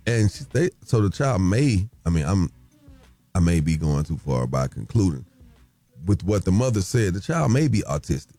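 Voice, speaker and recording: A male morning radio host with a very low, gravelly voice and a mellow tone. His pitch swings widely as he talks in a casual, animated way. The sound is dry and close. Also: normal speed, no echo. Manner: animated, acts out yelling in quotes.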